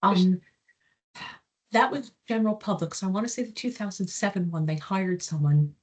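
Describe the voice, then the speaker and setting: A woman's voice: medium pitch, normal speed. A woman speaking as a guest lecturer in a question session on a video call, thoughtful and hesitant with fillers. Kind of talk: Q&A after an academic talk.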